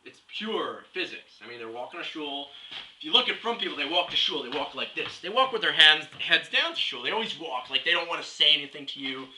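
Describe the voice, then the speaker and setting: The same kind of rambling, scatterbrained comic rant comes from this young comedy vlogger, whose somewhat high, sharp voice moves fairly quickly with lively intonation. He hops between topics with mock-serious logic, captured from a distance in a roomy space with faint hiss.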